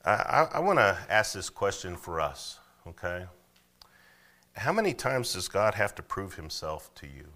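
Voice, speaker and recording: A man's voice: low-pitched, sing-song, a little slow, pushed and bright. A man preaching a sermon as pastor, conversational, often checking in with "okay?". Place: church.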